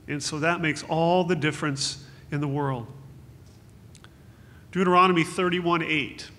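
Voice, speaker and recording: A man's voice: a little high, steady tone, a little slow, pauses often, sharp tone. A man giving an earnest, consoling memorial sermon as pastor, quoting scripture. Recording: echoey hall with faint hum.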